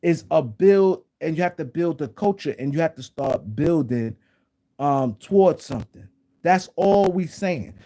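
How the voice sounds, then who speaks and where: Hosting a laid-back sports talk live stream, he speaks a little slowly with a mellow, slightly high voice and lively intonation. He rambles and repeats himself while talking to viewers in the chat.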